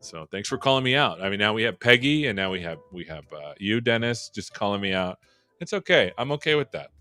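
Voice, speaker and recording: A man's voice: on the low side, very animated, a little fast, bright, forceful tone, soft background music. A man hosting a live tech stream, chatting and joking about himself, his voice run through a vocal processor. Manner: joking, self-deprecating, chatty. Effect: vocal processor echo. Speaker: host. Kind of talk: casual livestream banter.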